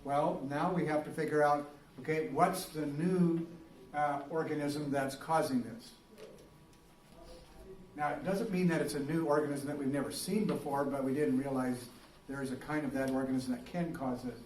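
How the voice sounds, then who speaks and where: A man's voice: fairly high pitch, fairly even intonation, normal speed, a little mellow. A male biology teacher giving a casual, rambling classroom lecture, full of fillers and restarts. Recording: roomy classroom, recorded from a distance.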